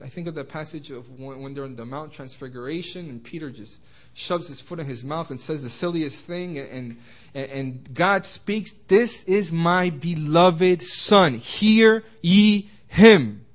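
A young man teaching an informal Bible study sermon, stumbling over words and restarting often, slowing down to stress quoted scripture. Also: mid-range voice, breathy edge. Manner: halting, many restarts and repeated words.

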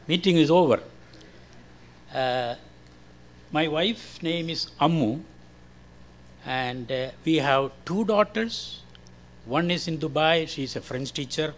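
An older man from India with a Malayalam-influenced Indian accent, giving a slow, careful church testimony. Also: fairly high pitch, a little hiss or hum. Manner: slow, careful, friendly with short laughs. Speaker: guest speaker giving testimony.

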